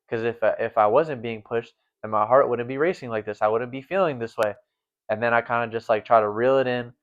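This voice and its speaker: Heard on a dull, lo-fi recording, a young man in his late teens speaks fairly quickly with a clean tone and fairly even intonation in a mid-range voice. He's a guest and ex-volleyball setter, chatting casually and earnestly while rambling with lots of fillers.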